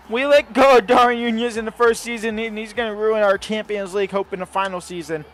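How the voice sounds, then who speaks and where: A man hosting a gaming channel, giving casual commentary over his own gameplay, rambling and swinging between low muttering and loud outbursts. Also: fairly even intonation, fast talker, hardly any pauses, faint music behind.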